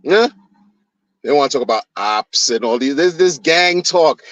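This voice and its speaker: Guy ranting about crypto haters, kinda high voice, mocking and worked up, muffled dry mic. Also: a little slow, dry recording. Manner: exasperated, mocking, animated. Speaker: crypto vlogger. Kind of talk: ranting commentary. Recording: dull dry lo-fi recording.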